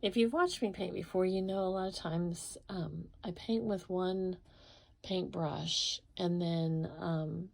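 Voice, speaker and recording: A tired woman with a frog in her throat, rambling softly about her painting late at night at home. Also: lowish voice, fairly even intonation, gravelly. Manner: soft, slow, rambling late-night talk. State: sleepy and tired. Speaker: painter and parent. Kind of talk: casual painting vlog.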